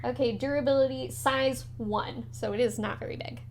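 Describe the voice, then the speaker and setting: A woman narrating as game master of a tabletop horror game, animated and quick to swear. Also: sits high.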